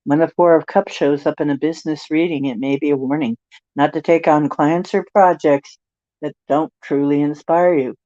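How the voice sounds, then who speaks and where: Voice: medium pitch, fairly even intonation, normal speed, mellow. An older tarot reader on a livestream, reading card texts with rambling, joking asides. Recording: dry, dull lo-fi stream audio.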